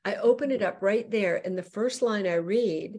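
Her medium-pitched voice is slightly rough and moves at a moderate pace. She's a middle-aged evangelist guesting on a show, telling her testimony with animation and performing the voices she quotes.

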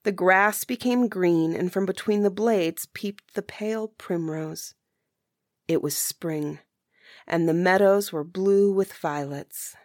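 A woman reading a fairy tale aloud in a measured, gently expressive way. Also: on the low side, no room sound, studio quality. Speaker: storyteller. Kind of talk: storybook reading.

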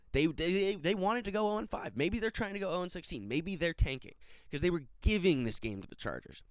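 A young man hosting a solo sports podcast, ranting and swearing, at times rising to near-shouts, then settling into calmer recap talk. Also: a little high, a little fast, no room sound. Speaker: podcast host.

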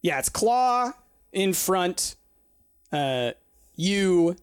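A man's voice: high-pitched, sing-song, drawn-out words, smooth, dry recording. A man narrating a tabletop game as game master, casual with many fillers.

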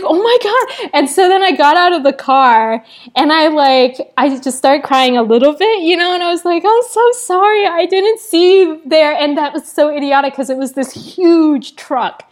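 A young woman artist chatting casually in an interview, rambling with many fillers and restarts. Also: sits high. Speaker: prize-winning artist guest.

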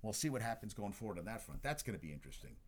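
A man's voice: lowish voice, very animated, very fast, breathy edge. Blunt, foul-mouthed man talking sports. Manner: blunt, opinionated, swears freely. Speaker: sports talk host. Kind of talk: casual sports talk.

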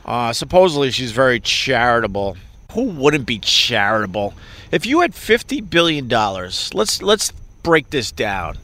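A man's voice: mid-range voice, very animated, unhurried, pushed and bright. A man hosting a podcast, talking in a rambling, profane and self-mocking solo monologue. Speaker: podcast host.

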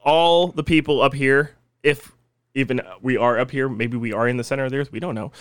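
A man's voice: mid-range voice, steady tone, fairly quick, smooth, dry recording, clean studio sound. A man co-hosting a casual comedy podcast, laying out absurd theories in a teasing, mock-serious way. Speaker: podcast co-host presenting conspiracy theories.

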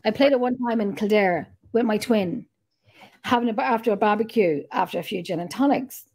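A woman with an Irish accent hosting a casual chat, telling stories in an animated way on a video call. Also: medium pitch, brisk, breathy edge. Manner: chatty storyteller, animated retelling. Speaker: host.

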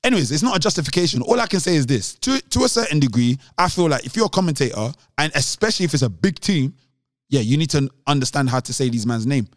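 A man co-hosting a casual podcast, arguing in an animated way, repeating himself and laughing. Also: on the high side, quick pace, dry recording, clean studio sound. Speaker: podcast co-host.

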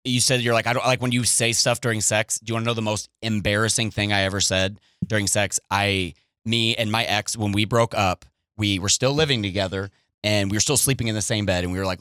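A man telling crude comic stories in casual chat, hamming up quotes with loud high yelps and frequent laughter. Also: steady tone, fairly quick, clear, resonant tone, no room sound, studio quality. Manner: loud, jokey, acts out quotes with big high-pitched yells and laughter. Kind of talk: crude comedic storytelling chat.

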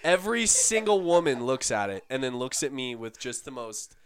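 Lively young man telling a wild story. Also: mid-range voice, moderate pace, crowd noise. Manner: animated storyteller, swears freely. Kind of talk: casual chat.

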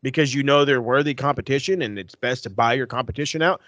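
A man's voice: medium pitch, quick pace, fairly bright tone, no echo. A young man co-hosting a podcast, ranting bluntly and profanely in casual chat. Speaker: podcast co-host.

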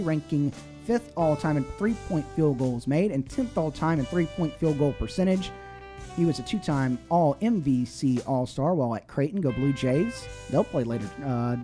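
A man's voice: a little high, animated, moderate pace, dark tone, soft background music. A man hosting a call-in sports radio show, reading scores and chatting casually with fillers and restarts. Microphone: studio microphone.

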